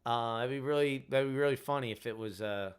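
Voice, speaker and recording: A man's voice: mid-range voice, fairly quick, clear, resonant tone. A tired man in his thirties hosts a casual livestream chat and rambles, filling his talk with "like" and "you know". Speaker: host.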